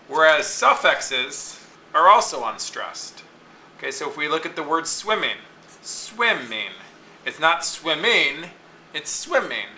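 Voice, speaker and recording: A man teaching a lesson, patiently repeating words slowly to show where the stress falls, with frequent "okay"s. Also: medium pitch, bright, forceful tone, a little hiss or hum, poor audio. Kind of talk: recorded classroom lesson.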